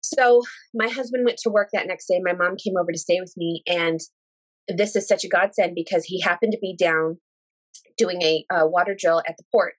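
Her pitch sits fairly low as this woman in her thirties, appearing as a guest, recounts a personal story conversationally. She gets animated and emotional, voices the dialogue she quotes, and talks in thankful, religious terms.

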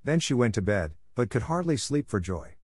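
A man's voice: mid-range voice, very animated, normal speed, breathy edge, no echo, studio quality. A man steadily reading a fairy tale aloud as narrator. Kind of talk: storybook read-aloud.

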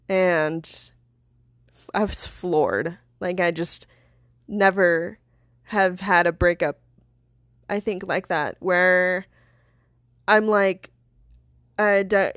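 A young woman hosting a podcast, telling a personal story in a candid, animated way, swearing and laughing between many fillers. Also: fairly low pitch, slow, pauses often, no echo, studio quality. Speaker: podcast host.

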